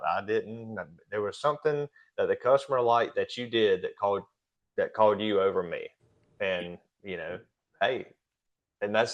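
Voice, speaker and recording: A man with a fairly low voice talks about his business as a guest in a casual podcast conversation. He is easygoing and plainspoken, and the recording sounds slightly dull and lo-fi. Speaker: guest, pressure washing business owner.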